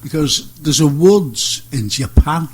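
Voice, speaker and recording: A man's voice: fairly high pitch, lively intonation, slow, a little mellow, poor audio. A man hosting a radio chat show, jokey and chatty, telling his own stories. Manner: jokey, chatty, breaks in eagerly.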